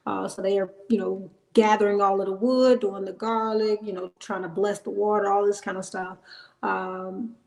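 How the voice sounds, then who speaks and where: A woman's voice: medium pitch, level tone, normal speed, vocal fry, darkish tone. Hesitant woman in an echoey room. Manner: hesitant, many fillers. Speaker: guest reviewer. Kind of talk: casual chat.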